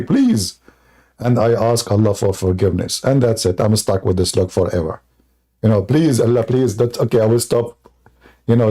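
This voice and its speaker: A man's voice: fairly low pitch, dark tone. A man hosting a live debate show, talking sarcastically and joking in non-native English, laughing at his own jokes. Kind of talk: mocking live debate monologue.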